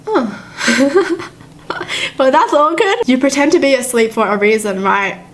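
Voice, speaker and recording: A woman's voice: high-pitched, moderate pace. Giggly young woman reacting to stories. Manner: giggly, expressive, often breaks into laughter. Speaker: YouTube reaction host. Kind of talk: reading stories aloud and reacting.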